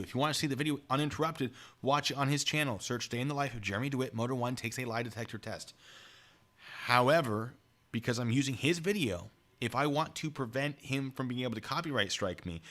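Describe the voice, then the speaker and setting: A man's voice: medium pitch, a bit bright. A man in the middle of his range chats through a casual live stream, close to his desk mic. He rambles and drifts into asides aimed at his viewers. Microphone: desk mic pulled close.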